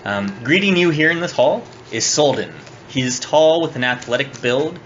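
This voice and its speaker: A man narrating a tabletop game as its dungeon master, halting with many ums and uhs. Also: on the high side, expressive, fairly bright tone, slight background noise. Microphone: phone on the table. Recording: dull phone recording.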